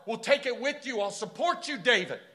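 An eager, loyal priest offers his help, as a preacher plays him. The voice sits high and sounds bright and keen. It is raised but not shouted. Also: expressive, a little fast, exaggerated voice. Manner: eager, reassuring.

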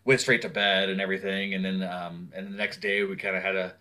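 A man with a low voice tells a long personal story in casual conversation, speaking briskly. He swears freely and is animated, acting out what other people said.

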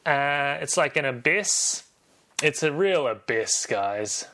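A man's voice: on the high side, expressive, slow pace, pushed and bright. Rambling, jokey man recapping a film. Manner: rambling, self-correcting, jokey. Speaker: podcast host.

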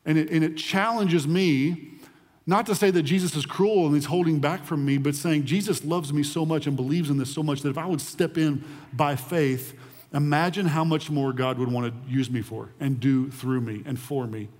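A man preaching a sermon in an animated way, often repeating words as he builds his point. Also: fairly high pitch, normal speed, in a large hall. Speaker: pastor.

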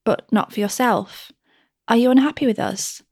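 Woman reader voicing a chattering, pleading young mistress; gravelly texture, close and dry. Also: a little high, moderate pace, a little mellow, dry recording. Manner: gushing, pleading, rising.

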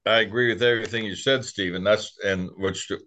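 A man in a spiritual study group, quickly agreeing and talking in loose phrases. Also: lowish voice, fairly even intonation, pushed and bright. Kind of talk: casual group discussion.

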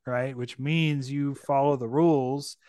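A man's voice: medium pitch, fairly even intonation, unhurried, mellow, no room sound, clean studio sound. A male podcast host from the United States, casually retelling and discussing a book in a chatty, rambling way. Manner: chatty, rambling, lots of restarts.

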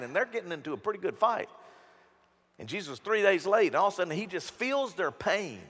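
Animated pastor, high voice. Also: male voice, fairly quick, in a large hall. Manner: animated, emphatic, joking storyteller. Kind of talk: sermon.

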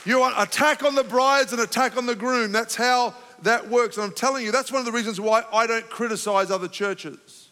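A man's voice: very high voice, a little fast, big-room sound, a faint crowd. A male pastor preaching a sermon in a church, impassioned and building to fervent emphasis. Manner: impassioned, rising to fervent emphasis then calming. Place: church sanctuary.

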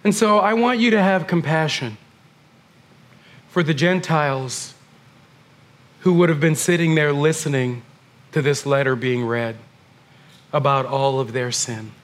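Casual, talky man teaching scripture with a bright, high-pitched voice. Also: a little slow, long pauses. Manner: chatty, filler-heavy, addresses listeners as "you guys". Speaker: Bible teacher.

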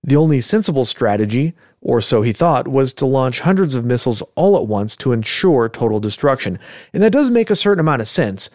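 A man's voice: medium pitch, sing-song, brisk, a little mellow, no echo, clean studio sound. A man hosting a podcast, telling a story in casual chat with joking asides and frequent chuckles. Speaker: podcast host.

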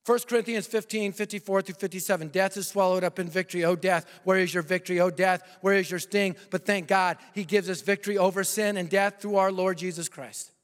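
A man preaching an evangelistic sermon, swinging from loud proclamation to hushed, intimate appeals to the listeners. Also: high-pitched, fairly even intonation, a little fast, hardly any pauses. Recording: long hall reverb.

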